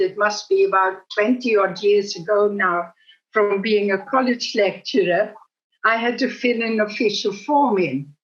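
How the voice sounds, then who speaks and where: An older woman giving a reflective spiritual talk on meditation, with a gentle storytelling manner, on a dull lo-fi recording. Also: mid-range voice. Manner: gentle storytelling, laughs at herself. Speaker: speaker on meditation.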